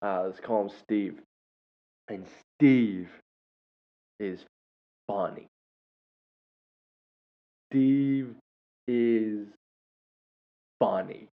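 A young man with a lowish voice tells a rambling, funny anecdote in a relaxed, casual way, cracking up as he goes. The recording is dull and lo-fi. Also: drawn-out words, pauses often. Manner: laughs often, bursts into loud impressions. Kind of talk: casual storytelling. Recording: dull lo-fi sound.

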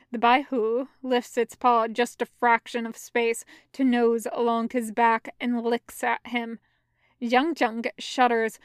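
A woman reading fan fiction aloud as a podfic, in a steady, even narration. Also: fairly high pitch, clean tone, no room sound, clean studio sound. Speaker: podfic reader.

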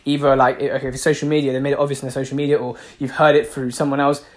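A man's voice: mid-range voice, level tone, racing. A man giving a passionate motivational talk, repeating himself for emphasis and swearing freely. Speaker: motivational speaker.

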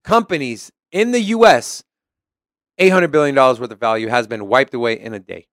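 A man's voice: mid-range voice, a little fast, fairly bright tone, dry recording, clean studio sound. A man co-hosting a podcast in casual chat, explaining price charts and joking with his co-host.

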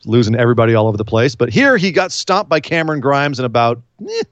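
A man co-hosting a casual wrestling recap, rambling and animated, often acting out what the wrestlers said. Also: mid-range voice, fast talker, dry recording, lo-fi sound. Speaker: wrestling podcast co-host.

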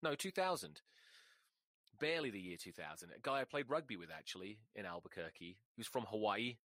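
A man hosting a podcast, rambling casually with profane, dark jokes into a close mic. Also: on the low side, very animated, fairly quick, dry recording. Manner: rambling, profane, darkly joking. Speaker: podcast host. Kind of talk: casual monologue.

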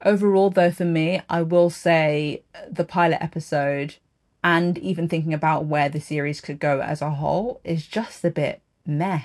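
A woman's voice: low voice, fairly even intonation, normal speed, a little mellow. A woman hosting a podcast and giving a frank, opinionated review of a TV drama episode in a casual solo monologue. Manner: frank, opinionated, wry with light laughs.

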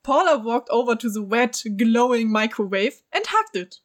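Casting: high, lively woman narrating a story casually among friends, giggly and chatty. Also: moderate pace. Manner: giggly, chatty, reads with breaks for jokes. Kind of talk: casual read-aloud with friends.

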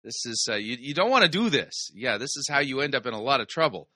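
A man's voice: medium pitch, big pitch swings, fast, sharp tone, dry recording, studio quality. A man hosting a commentary show, casually critiquing sermon clips with sarcastic, incredulous asides. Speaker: host reviewing sermon clips.

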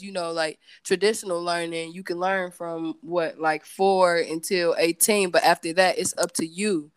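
A woman's voice: fairly low pitch, steady tone, normal speed, few pauses, clean tone, no room sound. A woman guest on a podcast, talking in a loose, candid way with many fillers and self-corrections. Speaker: podcast guest, entrepreneur and singer. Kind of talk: casual chat.

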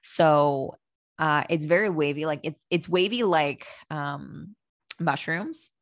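A woman's voice: deep voice, slow, no echo, clean studio sound. A young adult woman, a personal growth coach, talking through her thoughts in an earnest, rambling monologue with casual swearing.

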